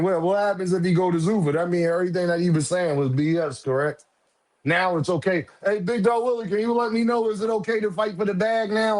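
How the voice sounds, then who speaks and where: Male live-stream host, loose profane banter, voice sits a bit high. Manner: loose, profane, teasing, shouting out viewers. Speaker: livestream host. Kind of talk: casual live-stream boxing talk.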